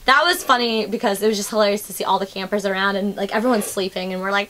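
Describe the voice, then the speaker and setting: A woman's voice: medium pitch, steady tone, fast talker, bright, forceful tone. A young woman hosting a casual chat, telling stories and acting out the voices of the people in them. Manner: chatty storyteller who acts out the voices in her stories. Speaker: host.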